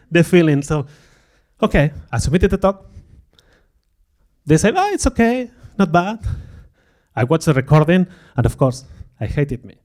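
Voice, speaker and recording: A man giving a conference talk before an audience, speaking candidly and poking fun at himself, with frequent laughs and lively acted-out quotes. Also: fairly high pitch. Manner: candid, self-deprecating, laughs often; acts out quoted remarks in a livelier voice.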